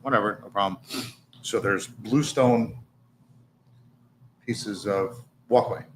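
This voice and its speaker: A man's voice: on the low side, slow, pauses often, slight background noise, low-quality recording. A man telling profane police stories in a casual podcast chat. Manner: profane, laughing storyteller.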